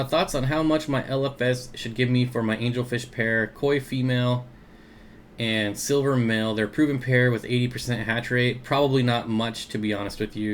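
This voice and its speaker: With a faint hiss or hum beneath his mid-range voice, a man chats casually while hosting an aquarium livestream. He greets viewers by name, reads their comments aloud and frequently chuckles.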